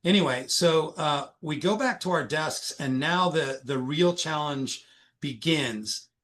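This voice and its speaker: A man's voice: on the high side, measured pace, slight background noise. A middle-aged man, a recruiter, retelling a workplace story as a guest in a conversational interview. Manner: animated, anecdotal retelling.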